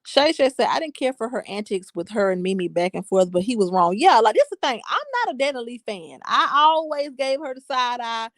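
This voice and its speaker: Sassy young woman, bright voice, dry sound. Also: on the high side, brisk, few pauses, no echo. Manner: animated, sassy, emphatic. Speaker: livestream host reading comments. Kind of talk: casual commentary chat.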